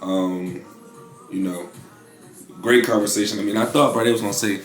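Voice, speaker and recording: A man's voice: fairly low pitch, fairly even intonation, normal speed, echoey room, faint music behind. A man in his twenties talking casually in a vlog about his clothing brand, laid-back and slangy with lots of fillers. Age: 20s. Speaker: vlogger building a clothing brand.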